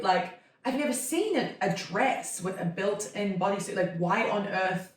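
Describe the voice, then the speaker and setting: A woman's voice: medium pitch, animated, measured pace, recorded from a distance. A woman in her thirties telling a long, chatty story in casual conversation, with "like" all through her talk. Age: 30s. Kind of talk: casual chat. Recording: echoey room, voice off-mic.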